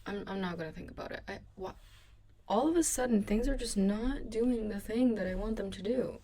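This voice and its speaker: A woman's voice: medium pitch, brisk, dark tone. A young woman hosting her own podcast, chatting casually and rambling in a sleepy, self-deprecating way from her bedroom. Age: young adult. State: sleepy, a bit sick in the throat. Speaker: podcast host. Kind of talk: casual solo podcast chat.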